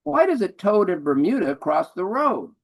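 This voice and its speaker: Chatty bermudian stranger, higher voice, read out by an older male poet. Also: very animated, normal speed, vocal fry, exaggerated voice. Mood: telling joke. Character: chatty middle-aged Bermudian man in line.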